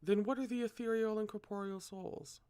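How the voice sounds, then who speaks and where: A man voicing a cryptic, fervent old man who speaks slowly with a rasp. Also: sits high, fairly even intonation, darkish tone, dry recording, pitched above the performer's own voice, close to an everyday voice. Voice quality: raspy, slow.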